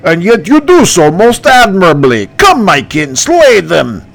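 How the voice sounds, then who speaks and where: Man doing a sneering undead oathbreaker, slow, raised voice, mocking. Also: high-pitched, huge pitch swings, creaky, pitched above the performer's own voice, full character voice. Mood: scornful. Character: scornful undead male oathbreaker spirit.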